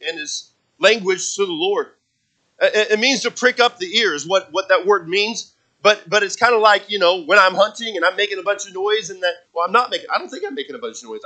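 A man preaching a sermon with a high, bright voice. He talks to the congregation in a relaxed, conversational way. He often repeats words as he goes and acts out little stories. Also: poor audio. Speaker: pastor.

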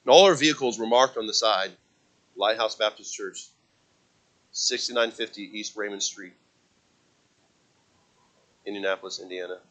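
Bright-voiced emphatic male preacher. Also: fairly low pitch, moderate pace, long pauses, low-quality recording. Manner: emphatic preaching, rising and falling loudness, quotes scripture. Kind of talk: sermon.

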